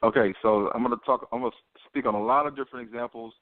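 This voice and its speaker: A man's voice: medium pitch, fairly even intonation, very fast, dry recording. A man co-hosting a podcast, telling a long story full of quoted dialogue. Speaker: podcast co-host. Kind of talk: casual storytelling. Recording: tinny phone line.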